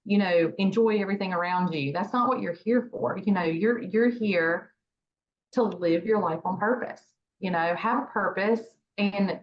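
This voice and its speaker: A woman guest on an interview show, talking casually about her nonprofit, rambling with many fillers and restarts. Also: mid-range voice. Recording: dull lo-fi sound with faint noise.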